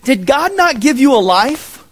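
A man preaching a sermon as a pastor, in an animated, folksy manner. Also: very high-pitched, measured pace. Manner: animated, folksy, acts out quotes.

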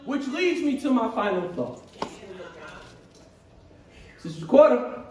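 A man preaching a fervent sermon as pastor, building to shouts and repeating his phrases. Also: very high-pitched, sing-song, slow, a little hiss or hum. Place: church sanctuary. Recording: echoey church hall from far off, congregation behind.

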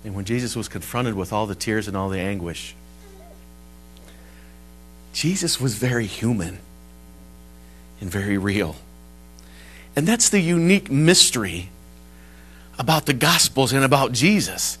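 A male pastor preaching a sermon at a church service, telling a story and moving between hushed and emphatic delivery. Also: on the low side, expressive, unhurried, pauses often, slightly rough, low-quality recording.

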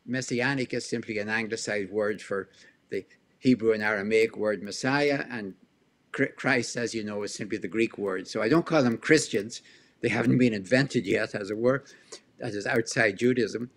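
A male historian answering an interview question, explaining lively and firing off rhetorical questions, with chuckles between points. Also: fairly low pitch, moderate pace. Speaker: historian guest.

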